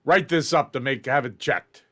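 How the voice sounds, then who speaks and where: A man's voice: mid-range voice, normal speed, pushed and bright. A man voicing a stern, exasperated male prison officer who scolds and gives curt orders in a tabletop game.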